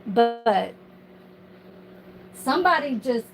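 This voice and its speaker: A woman's voice: on the high side, lively intonation, very slow, gravelly, soft background music, rough recording. A woman ranting on her livestream from home in a casual, heated, profane and rambling way.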